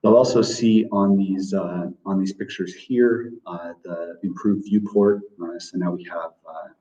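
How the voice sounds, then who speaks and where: A man's voice: low voice, steady tone, a little slow, dark tone. A man presenting product features in a webinar, hesitant and full of filler words. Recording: distant, roomy, dull audio.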